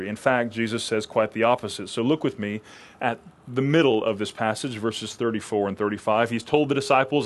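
A man preaching a sermon, reading scripture and explaining it, acting out the quoted lines and often repeating words as he restarts. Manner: expressive, acts out quoted lines with rising pitch.

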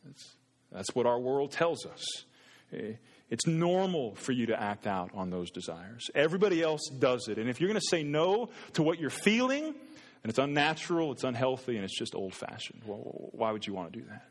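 A man's voice: medium pitch, sing-song, normal speed. A man preaching a sermon as a pastor, earnest and conversational, often restarting his words. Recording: long reverb in a hall.

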